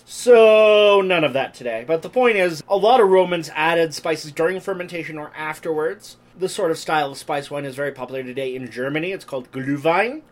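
A man's voice: fairly high pitch, a little fast, few pauses. A man hosting a podcast, chatting casually and joking, often laughing. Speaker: podcast host. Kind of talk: casual chat. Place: apartment room.

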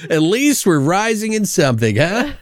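A man co-hosting a casual horror podcast, loud, joking and swearing a lot. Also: medium pitch, expressive, normal speed, slight background noise. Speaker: podcast co-host.

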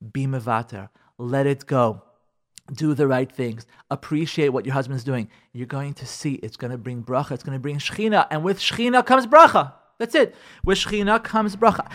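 A man's voice: medium pitch, expressive, a little fast, fairly bright tone. A man teaching a radio class as a rabbi, emphatic and repetitive, sprinkling in Hebrew and Yiddish terms. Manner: acts out listeners' imagined voices. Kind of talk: radio Torah class on marriage.

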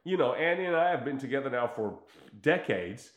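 A middle-aged man whose first language is Croatian, telling stories in a rambling, animated way with many fillers. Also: mid-range voice, fairly quick. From United States and former Yugoslavia. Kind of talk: casual chat. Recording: roomy echo.

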